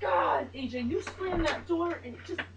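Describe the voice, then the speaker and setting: High bright scolding mother, distant mic. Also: measured pace, heavy background noise. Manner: scolding, swearing, lecturing. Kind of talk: heated family argument.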